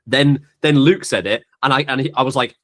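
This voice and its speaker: A young man with a mid-range voice hosts a casual chat. He teases his co-hosts and jumps his pitch up for emphasis as he talks. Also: fairly quick. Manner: animated, teasing, with sudden jumps in pitch. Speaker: podcast host.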